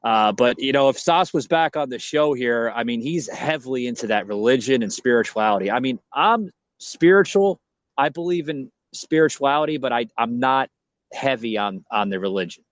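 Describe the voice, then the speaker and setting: A man's voice: mid-range voice, lively intonation, moderate pace, no echo. Rambling man, dry close sound. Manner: rambling, heavy on "you know" and "like". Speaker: podcast host. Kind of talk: casual podcast chat.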